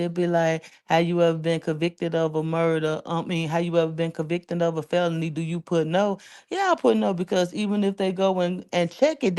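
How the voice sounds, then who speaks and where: A woman from the Chicago area hosts a casual livestream, rambling emotionally and thanking viewers by name. Her voice is clean, on the low side and a little mellow.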